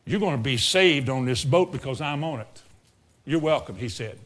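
A man preaching a sermon, swinging from loud outbursts to low murmurs and acting out Bible scenes. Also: animated, moderate pace. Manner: acts out Bible scenes in character voices.

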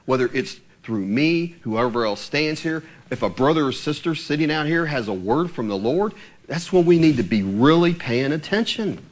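A man's voice: fairly high pitch, animated, moderate pace. A man preaching a sermon in a church, rising to emphatic commands as he teaches through a parable.

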